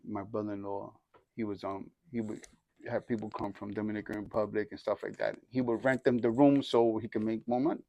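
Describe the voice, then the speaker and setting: A man's voice: medium pitch, a little mellow. A man sharing his personal testimony in casual street slang, acting out the dialogue as he tells it, with frequent restarts and "you know what I mean.". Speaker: church group member giving his testimony.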